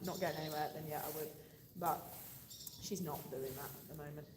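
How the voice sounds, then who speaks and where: Chatty woman in a noisy barn. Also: on the low side. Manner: chatty, affectionate, apologetic asides to viewers. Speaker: farmer livestreaming a calving watch. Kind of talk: casual livestream chat. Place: livestock barn, indoors. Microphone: phone camera on a tripod. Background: birds and animal sounds.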